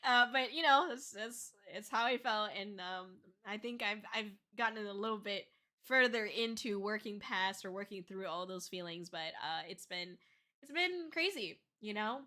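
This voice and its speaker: A young woman streamer chatting casually with her viewers, soft and emotional, teary after crying and laughing between thank-yous. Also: mid-range voice, lively intonation, moderate pace. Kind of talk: casual livestream chat reading comments.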